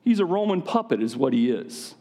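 A resentful townsman who rails shrilly against an injustice, his voice lifted well above a normal speaking pitch, as a preacher puts him on. He scolds and grumbles in a tone of bitter indignation. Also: big pitch swings, fairly quick, warm tone. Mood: indignant. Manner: shrill indignant complaining, raised high voice. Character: angry resentful townsman, bitter grudging grown man.

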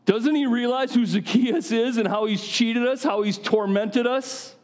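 A man putting on a shrill, indignant townsman. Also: unhurried. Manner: shrill indignant complaining, raised high voice. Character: angry resentful townsman, bitter grudging grown man.

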